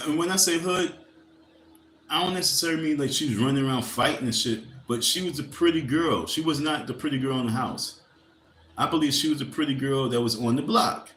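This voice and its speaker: A fairly high, fairly bright voice belongs to a livestream host ranting casually, profanely and heatedly as he rambles. Addressing viewers directly, he asks them to like the stream. The sound is roomy, with slight background noise.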